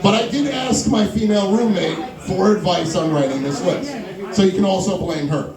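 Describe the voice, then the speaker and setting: Young guy comic, high and lively, playful crowd banter; echoey room, off-mic, audience audible. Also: normal speed, far from the mic. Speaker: stand-up comedian. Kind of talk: stand-up comedy set. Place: live comedy venue with audience.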